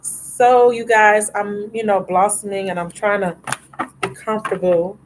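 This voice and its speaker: A woman gives tarot readings on a live stream, chatty and affectionate, calling her viewers baby and love. Her voice sits at an ordinary pitch, with a faint hiss of noise behind it. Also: little pitch movement, a little slow, low-quality recording.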